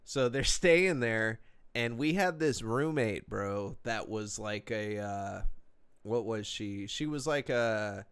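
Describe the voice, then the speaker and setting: A man's voice: on the low side, expressive, takes it slowly, fairly bright tone, clear, resonant tone. A young man casually telling a story on a podcast, laid-back and profane, full of slang and fillers.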